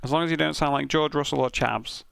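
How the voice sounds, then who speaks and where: Gravelly, sweary British man. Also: a little high, fairly even intonation, quick pace, fairly bright tone, dry recording, clean studio sound. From Britain. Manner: sweary, rambling banter with frequent laughs. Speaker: streamer. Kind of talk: casual commentary reviewing racing incident clips.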